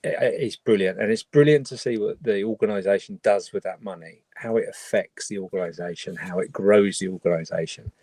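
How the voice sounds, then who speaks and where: Guy hosting a charity stream, lowish voice, dry close sound, earnest and rambly. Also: a little fast, few pauses, a little mellow, no echo. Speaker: charity livestream host. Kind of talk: casual livestream chat.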